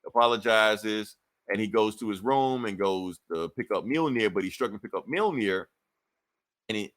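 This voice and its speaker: A man's voice: fairly low pitch, moderate pace, a bit bright. A man co-hosting a podcast, recapping a comic book in a loose, profane, laughing way. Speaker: podcast co-host.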